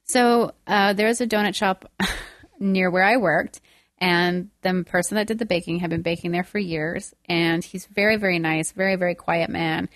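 A woman's voice: lowish voice, fairly even intonation, normal speed, fairly bright tone, no room sound, clean studio sound. A woman co-hosting a casual podcast chat, telling stories with lots of fillers and feeling. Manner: chatty, emotional storytelling, many fillers. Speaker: podcast co-host.

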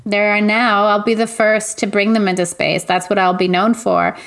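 Woman, podcast co-host, deadpan, drawn-out jokes, mid pitch. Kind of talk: casual chat.

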